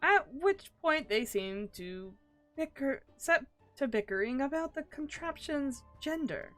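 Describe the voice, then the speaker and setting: A woman's voice: high-pitched, expressive, measured pace, fairly bright tone, soft background music, pitched above the performer's own voice. A woman voicing a stern, officious male inquisitor who speaks in formal, commanding phrases and grows exasperated.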